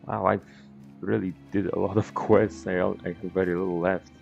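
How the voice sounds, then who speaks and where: Deep gravelly man commenting on a game. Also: little pitch movement, normal speed, dull audio, faint music behind. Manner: rambling, self-correcting, swears offhand. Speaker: streamer. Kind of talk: casual gameplay commentary.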